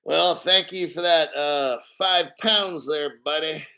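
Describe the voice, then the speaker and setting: This brash crypto channel host swears freely and cracks jokes between points in a casual vlog. His sharp voice sits a little high for a man, and he drives key words home by repeating them and slowing right down on them.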